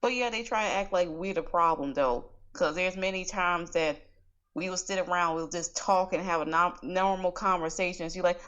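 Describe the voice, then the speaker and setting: A woman with a somewhat low voice speaks frankly in an easygoing podcast conversation. She talks in a matter-of-fact way, plain and direct. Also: moderate pace, fairly bright tone. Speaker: podcast co-host. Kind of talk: candid casual chat.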